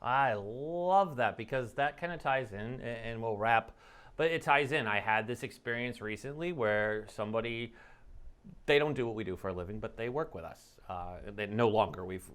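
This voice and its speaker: A man hosting a podcast, chatting casually with his guest and getting animated in his asides. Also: medium pitch, moderate pace, clear, resonant tone. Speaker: podcast host.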